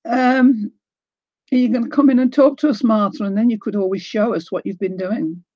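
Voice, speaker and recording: A woman's voice: on the high side, steady tone, moderate pace, mellow, no room sound, dull audio. An older woman from New Zealand with a New Zealand accent, hosting a craft livestream in casual chat, greeting viewers by name and laughing often.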